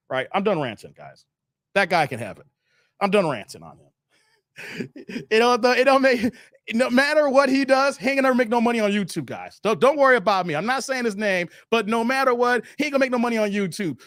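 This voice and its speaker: Animated, high-voiced male live-streamer. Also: no echo, clean studio sound. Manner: animated and joking, laughing often while reading viewer comments. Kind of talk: casual live-stream chat and ranting.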